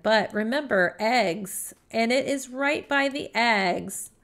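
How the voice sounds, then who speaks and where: A woman with a fairly high voice hosts a casual gameplay live stream. She talks in a chatty, gushing way and keeps greeting her viewers by name. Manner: upbeat, gushing.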